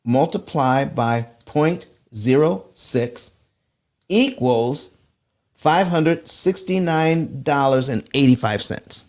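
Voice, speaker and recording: A man hosting a live finance show, talking excitedly to his audience, reading out chat comments and repeating himself as he works through loan numbers. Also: medium pitch, slow. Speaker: host.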